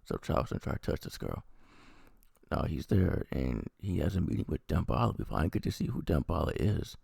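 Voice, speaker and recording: A man's voice: a bass voice, big pitch swings, fairly quick, vocal fry, a little mellow, breathy edge, no room sound, studio quality. A man giving a rambling, profane, casual recap and review of a TV episode. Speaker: TV review vlogger.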